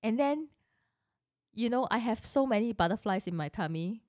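A woman's voice: fairly high pitch, expressive, moderate pace, a little mellow, dry recording, clean studio sound. A middle-aged woman telling a personal story in a casual, chatty way, full of rhetorical questions and asides.

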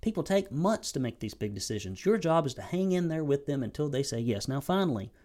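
A man's voice: on the high side, sing-song, a little fast, dark tone. A man with a Southern US accent giving a blunt, folksy, sarcastic sales training talk to camera as a business coach.

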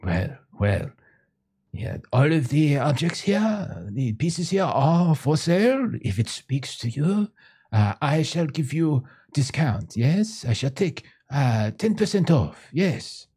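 A man's voice: on the high side, big pitch swings, takes it slowly, a little mellow, husky, voice pushed up, exaggerated voice. A man voicing an eccentric, scruffy French sculptor who speaks broken English in a fawning, salesman's way. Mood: wheedling. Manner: fawning, repeats "yes" and "monsieur", broken English.

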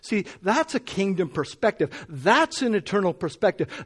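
Middle-aged male preacher, slightly high voice, earnest storytelling sermon that swells into forceful emphasis. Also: big pitch swings, normal speed, few pauses, husky. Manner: earnest, rising to emphatic when reading scripture.

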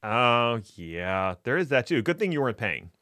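A man co-hosting a podcast in casual banter, playful and jokey with deadpan bits. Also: medium pitch, moderate pace, no room sound. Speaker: podcast co-host.

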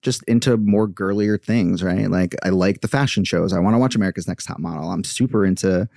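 Brief: chatty male yoga teacher, deep gravelly voice, mellow, dry close sound. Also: brisk, no echo. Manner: chatty, acts out quoted voices. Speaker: podcast guest, yoga teacher. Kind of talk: candid personal storytelling.

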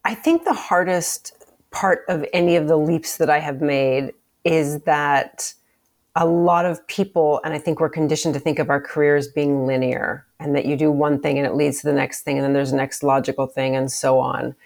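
Low-voiced woman, measured interview answers. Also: steady tone, darkish tone. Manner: measured, thoughtful, with frequent restarts. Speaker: podcast guest, former museum CEO.

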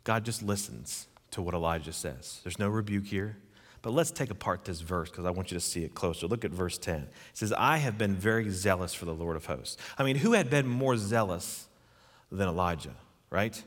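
A man's voice: sits low, expressive, moderate pace, long reverb tail. A man preaching a sermon, earnest and emphatic, putting questions to his listeners. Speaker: pastor.

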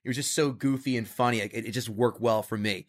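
Animated male comedian telling a story. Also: mid-range voice, fast talker. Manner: animated storyteller, acts out quoted voices. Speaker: comedian and show creator guest. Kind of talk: casual podcast chat.

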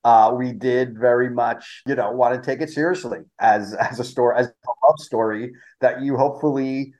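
A man's voice: mid-range voice, fairly even intonation, normal speed, a little mellow, rough recording. A man guesting on a podcast, talking in an easygoing, thoughtful way and laughing often. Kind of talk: casual interview chat.

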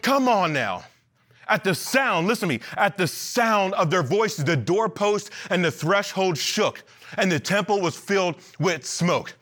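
A man preaching an animated, emphatic sermon to a church, repeating lines and joking between points. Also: sits high, unhurried. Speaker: pastor.

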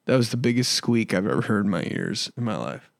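A man's voice: on the low side, animated, brisk, vocal fry, no echo, clean studio sound. A man in his twenties from Indiana, hosting a casual solo podcast with rambling, profane storytelling. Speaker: podcast host and comedian.

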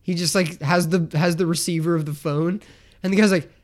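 A man's voice: on the high side, fairly even intonation, brisk. A young man co-hosting a podcast in casual chat, rambling and swearing freely as he retells scenes. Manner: rambling, acts out characters' lines in silly voices, swears freely. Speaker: podcast co-host.

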